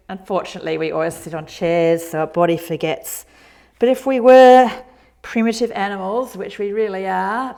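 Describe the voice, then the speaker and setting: A woman in her forties teaching a yoga routine, gentle and encouraging with chatty asides. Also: mid-range voice. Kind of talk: guided exercise instruction.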